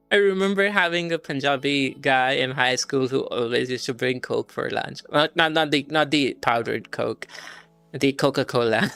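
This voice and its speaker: A woman's voice: a bass voice, vocal fry, a bit bright. A young woman from India, chatting casually on a livestream while she studies medicine, reading questions aloud, swearing and laughing often. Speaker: streamer studying medicine.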